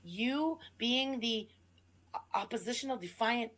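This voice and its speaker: A woman's voice: a little high, animated, slow pace, a bit bright. A woman co-hosting a livestream, mocking and scolding with lots of profanity. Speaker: livestream co-host. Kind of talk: reaction commentary.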